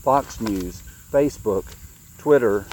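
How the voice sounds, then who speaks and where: A man's voice: lowish voice, lively intonation, slow, darkish tone, a little hiss or hum. A man giving an informal sermon, reading scripture and asking his listeners questions, often repeating himself. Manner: conversational, questions the audience, repeats words. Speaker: preacher.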